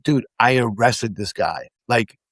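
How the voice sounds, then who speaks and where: A middle-aged man, a podcast guest, casually telling animated stories, acting out the quotes and swearing freely. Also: mid-range voice, unhurried, dry recording. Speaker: podcast guest, former immigration officer. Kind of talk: casual storytelling in conversation.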